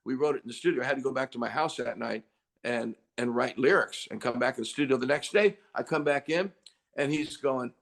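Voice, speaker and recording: An older man, a rock singer, chatting as an interview guest and telling stories with lively acted-out quotes. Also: mid-range voice, vocal fry. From United States. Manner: animated storyteller, acts out quotes loudly. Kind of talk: casual interview chat.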